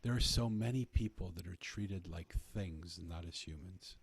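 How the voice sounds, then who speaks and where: A man's voice: sits low, normal speed, vocal fry, husky. A man earnestly telling a personal story in conversation, often restarting his phrases. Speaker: podcast guest telling a story.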